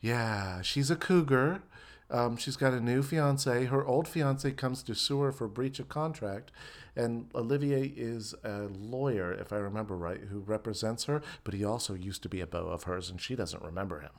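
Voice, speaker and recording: A man's voice: mid-range voice, moderate pace. A man co-hosting a casual podcast, chatty and jokey, sharing trivia while recapping a sitcom. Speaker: podcast co-host.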